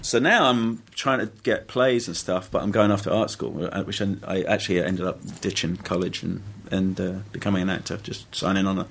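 A man's voice: low-pitched, fairly even intonation, fairly quick, vocal fry, few pauses, fairly bright tone, slight background noise. A middle-aged man, an actor telling stories in a casual interview, rambling with restarts and frequent laughs. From England. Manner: rambling, self-correcting, laughs often. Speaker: actor, guest.

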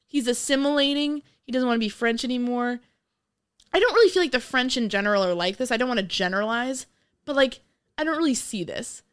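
Animated, profane woman reviewing a movie. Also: a little high, a little fast, clear, resonant tone. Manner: animated, profane, laughs a lot. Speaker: podcast co-host. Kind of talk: casual movie review chat.

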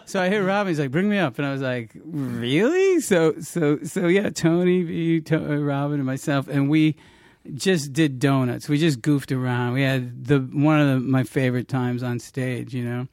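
A man telling profane, rambling stories from his comedy career in casual chat, deadpan, breaking into high put-on voices. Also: normal speed, dry recording, clean studio sound.

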